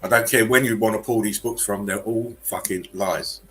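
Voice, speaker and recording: A man's voice: lowish voice, steady tone, moderate pace, fairly bright tone, low-quality recording. A man hosting a casual livestream chat, laughing often, coughing and cracking crude jokes. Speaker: livestream host.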